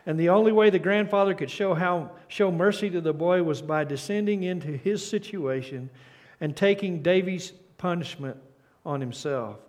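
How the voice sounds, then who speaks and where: An older man with a fairly high voice preaches a sermon as pastor, earnestly, often restarting and repeating words. He reads a story aloud, dropping to a soft, hushed tone at key points.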